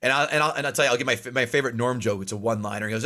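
A man with a North Jersey accent telling animated stories in casual chat as a podcast host. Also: medium pitch. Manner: fast, animated storytelling with swearing.

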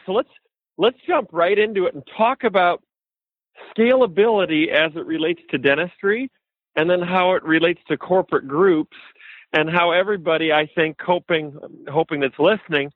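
A man talking as a podcast guest, explaining things in a measured, step-by-step way. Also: fairly high pitch, no echo. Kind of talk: casual interview chat. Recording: phone-like call audio.

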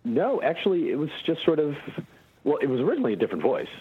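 A man, a guest voice actor, telling relaxed anecdotes in a casual interview, with frequent fillers and restarts. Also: fairly high pitch, quick pace, phone-quality sound, slight background noise.

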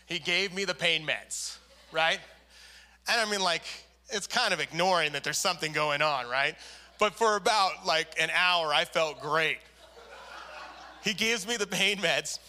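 A man's voice: fairly high pitch, measured pace, bright, forceful tone. A man preaching a sermon, telling a story animatedly and acting out the people in it. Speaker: pastor.

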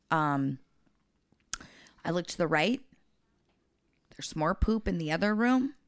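A woman's voice: on the low side, lively intonation, slow pace, no room sound. A woman co-hosting a casual podcast, telling a blunt, profane story from her work. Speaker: podcast co-host.

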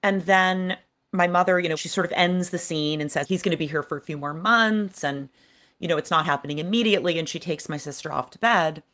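A woman's voice: on the low side, fairly quick, a bit bright. A woman guest author earnestly recounting a personal childhood memory in an interview. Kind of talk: personal storytelling.

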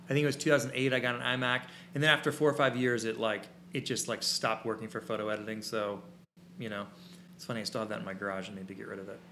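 A man co-hosts a live-streamed photography podcast in a loose, rambling way, with plenty of fillers and restarts. His voice has a bright, forward edge. A faint hum sits behind him in his small studio. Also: on the low side, steady tone, fast talker. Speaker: podcast co-host and photography teacher.

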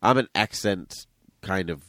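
A man's voice: low-pitched, unhurried, bright, forceful tone, dry recording. A man from Massachusetts, co-hosting a casual movie podcast, chatty and rambling. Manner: chatty, rambling, easily laughing. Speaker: podcast co-host.

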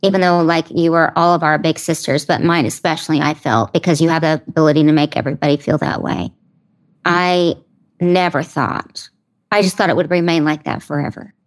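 A woman guest on a podcast, chatting casually and telling animated stories. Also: low voice, brisk. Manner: animated storyteller, acts out others' lines. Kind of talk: casual conversation.

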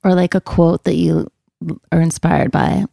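Slow, dark-voiced woman hosting an interview. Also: lowish voice, little pitch movement, gravelly, dry recording, clean studio sound. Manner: friendly, laughs along, brief replies. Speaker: interview host. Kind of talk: casual interview questions.

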